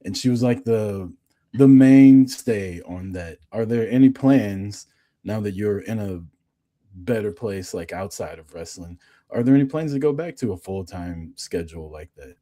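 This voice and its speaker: A man's voice: lowish voice, expressive, measured pace, warm tone. A man co-hosting a casual interview, joking and asking long rambling questions. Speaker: co-host.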